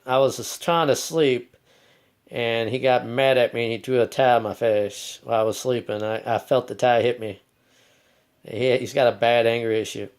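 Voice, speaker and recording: A man rambles through a casual vlog monologue. He keeps stopping to correct himself and apologize, and now and then talks about himself in the third person. His voice sits at a middling pitch and sounds smooth and clear. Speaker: channel host.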